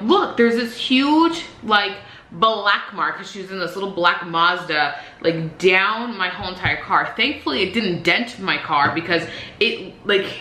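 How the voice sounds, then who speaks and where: Young woman ranting on her vlog, kinda low voice but bright and sharp, lots of likes, echoey room. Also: slight background noise. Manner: animated venting, swears, many fillers. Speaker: vlogger. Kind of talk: casual ranting storytime. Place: indoors at home.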